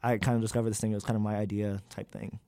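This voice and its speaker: A man's voice: lowish voice, flat delivery, rapid-fire, dark tone, no echo. A young man, a graduate student, talking candidly in an interview, with many fillers and loose, rambling sentences. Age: young adult.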